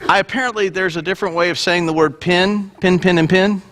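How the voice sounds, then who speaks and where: A man's voice: high voice, fairly even intonation, fairly quick, fairly bright tone, slight background noise. A man preaching a sermon as a pastor, playful and joking as he retells a Bible story.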